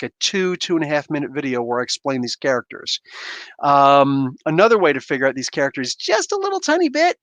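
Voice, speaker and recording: A man hosting a live comic book review, talking in a casual, excitable, slangy and rambling way. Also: on the high side, no echo.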